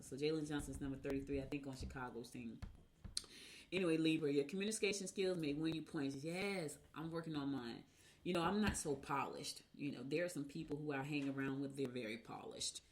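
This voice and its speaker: A woman hosting a radio show, reading horoscopes in a casual, chatty way and rambling into personal asides. By her own account she talks fast. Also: low-pitched, slight background noise.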